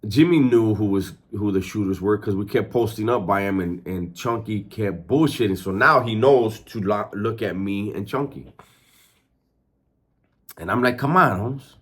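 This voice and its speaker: Brief: husky middle-aged ex-convict, low voice, streetwise and profane, trips over restarts. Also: male voice, moderate pace. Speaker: former prisoner telling his story. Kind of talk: candid storytelling.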